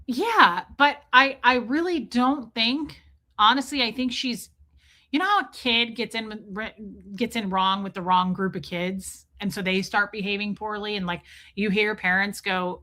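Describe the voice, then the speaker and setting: A woman hosting a livestream, talking fast and emphatically, repeating herself and breaking off to thank viewers in the chat. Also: medium pitch, sharp tone. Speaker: livestream host. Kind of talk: casual livestream commentary.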